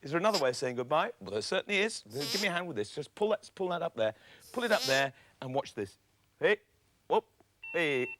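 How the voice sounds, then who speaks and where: A man presenting a children's TV show, playful and expressive as he talks to puppets. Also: a little high, brisk, dry recording.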